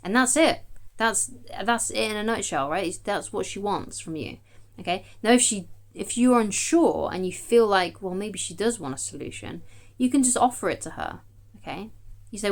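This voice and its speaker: A woman's voice: mid-range voice, lively intonation, moderate pace. A woman, a dating coach, giving chatty, emphatic advice straight to camera and often checking in with "okay?". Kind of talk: direct-to-camera advice talk.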